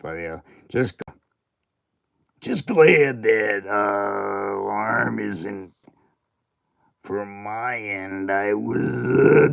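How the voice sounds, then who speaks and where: A man's voice: lowish voice, sing-song, very slow, vocal fry, long pauses. A man hosting a casual livestream, rambling and self-mocking as he reads viewer comments aloud. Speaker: livestream host. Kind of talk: casual livestream chat while unboxing.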